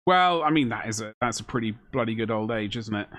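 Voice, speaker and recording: A man's voice: on the low side, expressive, quick pace, a bit bright. A man hosting a live stream. He reads viewers' chat aloud and answers it with jokes while he works on a miniature at his desk. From Britain.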